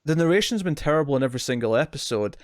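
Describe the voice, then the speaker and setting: A man's voice: on the high side, animated, very fast, no echo. Rambling British man reviewing TV, dry sound. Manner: rambling, repeats words, acts out scenes in quotes. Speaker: podcast co-host reviewing TV. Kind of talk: casual review chat.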